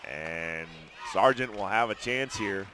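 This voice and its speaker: A man calling play-by-play of a high school basketball game in brisk, chatty commentary from an arena booth. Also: a crowd in the background, noisy background. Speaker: play-by-play announcer.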